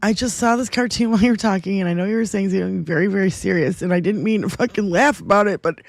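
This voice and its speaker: Woman co-host, profane ranting, laughs a lot, middle pitch, dry close sound. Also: quick pace, vocal fry, dry recording. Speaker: livestream co-host. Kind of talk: casual political chat.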